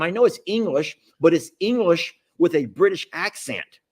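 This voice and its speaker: Host, middle-aged man, folksy rambling live-stream chat, chuckles now and then. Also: sits high.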